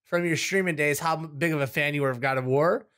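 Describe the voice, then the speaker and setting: A man's voice: on the high side, a little fast, fairly bright tone. Teasing man co-hosting a podcast. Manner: teasing, laughs often, short back-channel replies. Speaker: podcast co-host. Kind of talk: casual chat.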